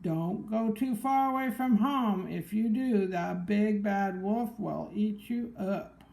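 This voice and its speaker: A woman's voice: mid-range voice, slow, creaky, warm tone, roomy sound. A woman voicing a caring mother rabbit in a storybook. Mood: motherly. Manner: caring, warning.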